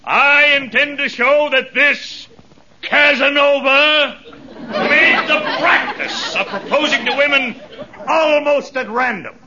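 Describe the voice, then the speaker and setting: A man's voice: very high voice, slow pace, pushed and bright, a faint crowd, exaggerated voice. A man playing a pompous plaintiff's lawyer who orates grandly to the jury and questions witnesses, in 1940s radio comedy style. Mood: orating. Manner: grandiloquent, stretched-out courtroom oratory. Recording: muffled old radio broadcast.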